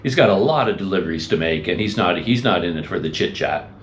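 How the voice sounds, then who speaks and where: A man talks to his camera in a relaxed, rambling way, telling stories with a wry, amused ease. His voice sits on the low side. Clear traffic and city ambience run beneath him. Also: fast talker. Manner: chatty, rambling, amused storytelling. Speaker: travel vlogger. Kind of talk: casual chat to camera.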